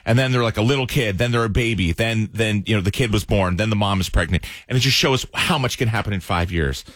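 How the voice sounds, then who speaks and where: A man's voice: on the low side, fast, fairly bright tone, dry recording, studio quality. A man in his twenties telling an emotional story in casual radio chat. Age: 20s. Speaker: radio show host.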